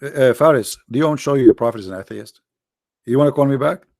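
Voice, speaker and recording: Tired, hoarse male stream host, gravelly and taunting, dry close mic. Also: medium pitch, quick pace, a little mellow, no room sound. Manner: sarcastic, taunting. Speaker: host of a live debate stream. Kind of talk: casual mocking live-stream talk. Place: quiet room at home.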